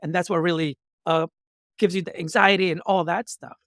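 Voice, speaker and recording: Animated male podcast host, dry sound. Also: high voice, normal speed, no echo. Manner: acts out both sides of remembered dialogues with lively shifts; motivational, speaks in metaphors. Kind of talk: animated storytelling in conversation.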